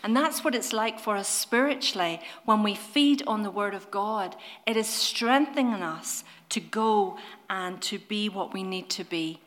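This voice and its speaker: A woman delivering a sermon in a mid-range voice. She speaks earnestly and gently, pausing to put questions to the congregation. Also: medium pitch. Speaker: preacher.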